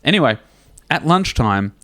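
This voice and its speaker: Animated, profane man telling stories. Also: mid-range voice, normal speed. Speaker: podcast co-host. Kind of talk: casual comedic storytelling.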